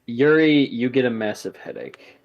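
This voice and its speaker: A man's voice: mid-range voice, expressive, moderate pace, dull audio. A man running a tabletop game as game master, narrating casually with many fillers.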